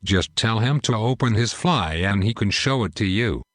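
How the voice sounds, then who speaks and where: Male reader as a wisecracking young soldier, teasing, low-voiced. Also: animated, normal speed, a bit bright, dry recording, clean studio sound. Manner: joking, teasing.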